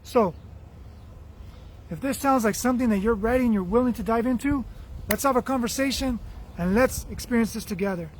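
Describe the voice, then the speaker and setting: Man, very high-pitched, earnest spiritual livestream host, warm repetitive delivery, voice fading. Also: brisk, pauses often, a little hiss or hum. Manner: earnest, affectionate, repetitive phrasing. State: losing his voice. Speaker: livestream host reading viewer comments. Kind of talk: spiritual motivational livestream talk.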